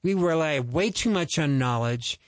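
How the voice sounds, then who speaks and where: Man delivering an urgent radio sermon, slightly high voice, dry studio sound. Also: expressive, normal speed, dry recording. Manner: earnest, exhorting, rising to urgent pleading. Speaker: ministry host.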